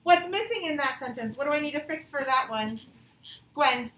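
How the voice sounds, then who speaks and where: High-voiced woman as a classroom teacher: encouraging, hams up example sentences. Echoey classroom recording, mic at a distance. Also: steady tone, moderate pace, sharp tone. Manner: encouraging, thanks each pupil; reads example sentences with exaggerated expression. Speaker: elementary school teacher. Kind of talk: classroom grammar lesson. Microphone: distant mic in the room.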